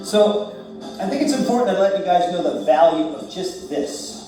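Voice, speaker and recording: A man's voice: high voice, moderate pace. Laid-back man leading yoga in an echoey room. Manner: relaxed, joking, talks while moving through poses. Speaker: yoga instructor. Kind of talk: guided yoga class. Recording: very echoey room, distant mic, faint music.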